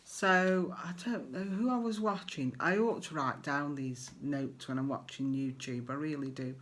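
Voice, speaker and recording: A woman's voice: low-pitched, unhurried. A middle-aged English woman chatting casually to her viewers as a crafting vlogger, rambling with fillers and friendly asides.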